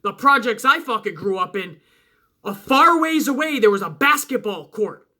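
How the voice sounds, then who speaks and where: A man who talks loud, close to yelling, in a bright, forceful voice. His pitch swings up and down as he rants, and he swears often. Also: expressive, normal speed. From Italian-American household. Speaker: wrestling channel host. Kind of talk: casual rant to viewers.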